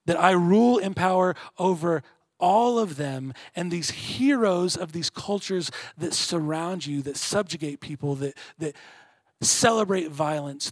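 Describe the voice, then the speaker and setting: Husky, high-voiced male preacher. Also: no echo. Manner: earnest preaching, swells louder on key points then drops quiet. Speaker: pastor. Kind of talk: sermon.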